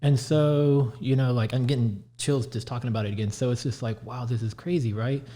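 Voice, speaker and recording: A man's voice: mid-range voice, fairly quick. A man who runs a paranormal show, telling a story casually on a podcast and acting out the quotes. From Houston area, USA. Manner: animated, retells quotes. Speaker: guest, paranormal investigator.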